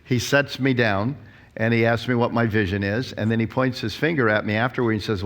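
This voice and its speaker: An older pastor in his sixties giving a conference talk. He tells stories in an animated, lively way and acts out what people said. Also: medium pitch, a little fast. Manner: storytelling, animated, acts out quotes.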